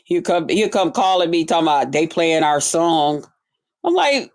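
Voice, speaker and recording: Speaking at a moderate pace, a woman reads out viewer comments during a casual livestream and responds with animated sass, swinging from high-pitched exclamations to low, muttered asides.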